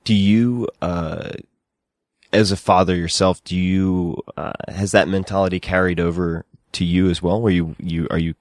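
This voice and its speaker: A man hosting a podcast interview, asking halting, hesitant questions. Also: low-pitched, steady tone, dry recording, studio quality. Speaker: podcast host.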